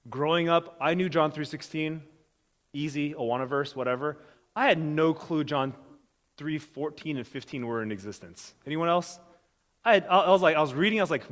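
A man's voice: on the high side, fairly bright tone. Man preaching in a reverberant hall. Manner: casual, talks straight to the congregation with quick check-ins. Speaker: pastor. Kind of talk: sermon.

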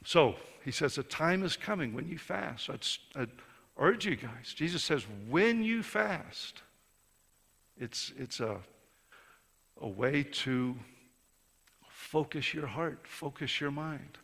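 A man preaching a sermon in a conversational way, rising to emphatic peaks and then dropping soft. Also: on the high side, expressive, slow pace, creaky, husky. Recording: reverberant hall.

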